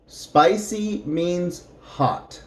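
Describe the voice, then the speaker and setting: A male English teacher giving a lesson for beginners, speaking at an extremely slow, deliberate pace. His voice sits a little higher than most men's. He stretches out each example phrase so that learners can repeat it. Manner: speaks very slowly, drawing out example phrases for repetition.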